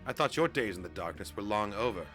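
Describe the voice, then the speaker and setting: A man's voice: fairly low pitch, expressive, fast talker, a bit bright, soft background music. A man voicing a haughty adult female crime queen who talks in a cold, imperious way.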